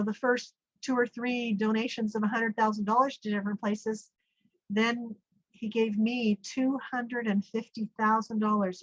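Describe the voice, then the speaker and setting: Middle-aged woman guest, animated storyteller, slightly high voice, lo-fi sound. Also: dry recording. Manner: animated storyteller, acts out quoted speech with big pitch jumps. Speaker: podcast guest. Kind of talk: personal storytelling in an interview. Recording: dull, dry lo-fi audio.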